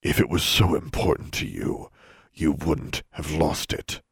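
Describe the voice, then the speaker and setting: Man doing a gruff, mocking young tough. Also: steady tone, moderate pace, dry recording, clean studio sound, exaggerated voice. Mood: mocking, menacing. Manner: low, growling and derisive. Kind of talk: audiobook character voice.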